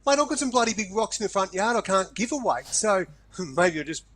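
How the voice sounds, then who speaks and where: An Australian man co-hosts a podcast with a notably high voice. He fires off wisecracks and dry jokes in easy, casual banter. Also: animated, fairly quick, fairly bright tone. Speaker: podcast co-host. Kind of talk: casual chat.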